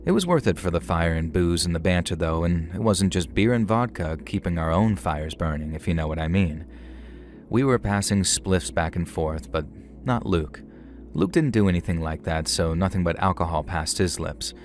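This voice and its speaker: A middle-aged man narrating a scripted horror story in a measured, wry storytelling manner. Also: low voice, expressive, a little hiss or hum. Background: faint music.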